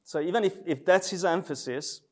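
Measured man giving a theology lecture. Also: sits high, darkish tone. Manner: measured and deliberate, with frequent filler sounds. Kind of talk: theological lecture with scripture readings.

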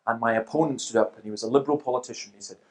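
A man's voice: medium pitch, very fast, a little mellow. A middle-aged man speaking to a church audience, telling stories with quoted exchanges and asides. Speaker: Christian speaker.

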